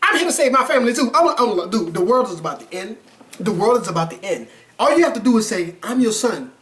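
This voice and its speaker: A man's voice: sits high, animated, fast, a bit bright. A man co-hosting a casual movie review, talking animatedly and swearing freely, acting out characters' lines. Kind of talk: casual chat.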